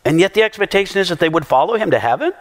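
A man with a high, strongly animated voice preaches to his congregation, acting out every quote he tells. His pitch leaps up and down, and his words ring out with a long reverb from a large hall. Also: very fast. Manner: animated storyteller who acts out quotes. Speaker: pastor. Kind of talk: sermon.

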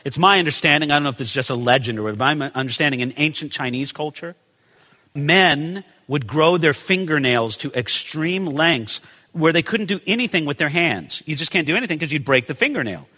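This pastor's voice runs on the high side and brisk, with a long reverb tail behind it. Preaching an expository sermon in a conversational way, he asks rhetorical questions and animatedly acts out the figures in the passage.

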